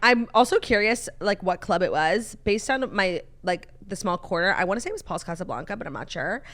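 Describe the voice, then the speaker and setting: A woman's voice: mid-range voice, a little fast. A young woman co-hosting a podcast, telling gossipy stories in casual chat with many "like"s. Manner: gossipy, animated storytelling with many "like"s. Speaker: podcast co-host.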